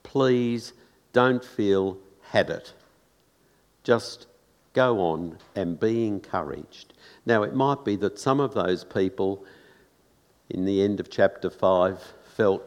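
Slow, low-voiced preacher in a hall. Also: male voice, animated. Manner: earnest, conversational preaching with rhetorical questions. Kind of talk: sermon. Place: church.

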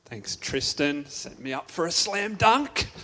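A man's voice: a little high, very animated, measured pace, bright, forceful tone, a little hiss or hum. A man giving a youth sermon as a playful story, asking his audience lots of questions. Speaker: youth speaker.

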